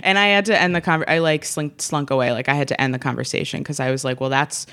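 A woman's voice: low voice, steady tone, quick pace, a bit bright, no room sound, studio quality. A woman of twenty-three in casual conversation as a guest, talking in a chatty way with many fillers and restarts. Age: 20s. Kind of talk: casual chat.

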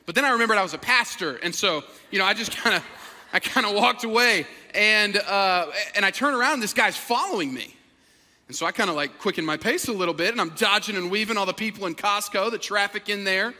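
High, bright, fired-up preacher man. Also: a little fast, long reverb tail. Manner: energetic, excitable storyteller with humor. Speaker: pastor. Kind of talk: sermon.

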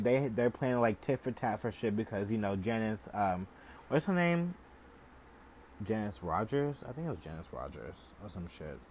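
A man's voice: mid-range voice, darkish tone, slight background noise. A young man hosting a podcast, ranting in heated, casual commentary full of "like" and profanity. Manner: heated, profane, heavy use of "like". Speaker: podcast host.

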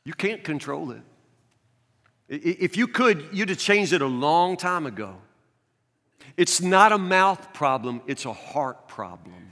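A man preaching a sermon as a pastor in a conversational, animated way, recorded in a church sanctuary. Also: a little high, a little slow. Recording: long reverb of a large church hall.

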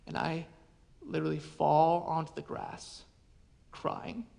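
A man preaching a sermon as a pastor, telling a personal story in an earnest way and often dropping to a hushed voice. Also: on the high side, fairly even intonation, normal speed, creaky.

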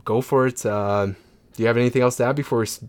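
A young man hosting a casual gaming podcast, relaxed and upbeat, with plenty of fillers. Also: mid-range voice, quick pace, smooth. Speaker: podcast host.

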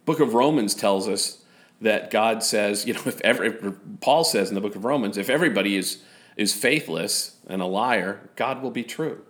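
A man's voice: lowish voice, normal speed, a bit bright. A man preaching a sermon in a conversational way, with self-deprecating asides. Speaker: pastor.

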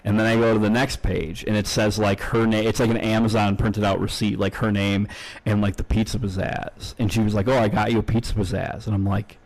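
A man's voice: fairly low pitch, flat delivery, a little fast, poor audio. A man co-hosting a podcast, telling a long story in casual chat, rambling with lots of fillers and frequent swearing. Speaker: podcast co-host.

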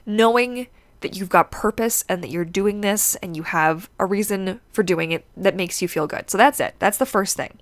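Chatty young woman with a congested nose. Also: mid-range voice. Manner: chatty, laughs often, swears casually. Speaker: podcast host. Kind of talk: casual chat.

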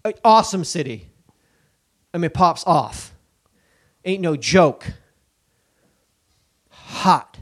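An animated male podcast host talking in a casual, profane, joking way. His voice sits a little higher than most men's. He keeps riffing and tossing out bits. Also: slow, long pauses, no room sound, studio quality. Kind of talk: casual comedic banter.

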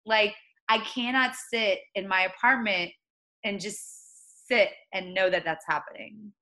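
A woman in her late twenties speaking as an interview guest, earnest and reflective, often pausing and restarting. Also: mid-range voice, fairly even intonation, pushed and bright, poor audio. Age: 20s. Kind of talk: conversational interview.

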